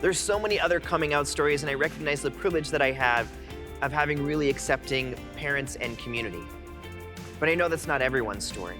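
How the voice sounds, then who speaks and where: A young man in his twenties tells a personal story as a keynote speaker. His voice sits a little high and turns animated and heartfelt. Music plays clearly underneath him. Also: fast.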